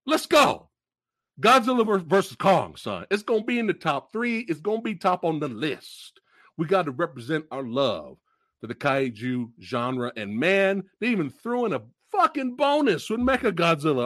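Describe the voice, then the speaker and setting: A man hosting a movie review podcast, ranting loudly and profanely with bursts of shouting. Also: very high voice, unhurried, dry recording. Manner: animated, emphatic delivery. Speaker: podcast host.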